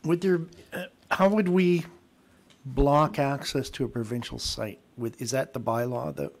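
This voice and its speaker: A man's voice: medium pitch, steady tone, a little slow. A man, a council member asking probing questions at a meeting.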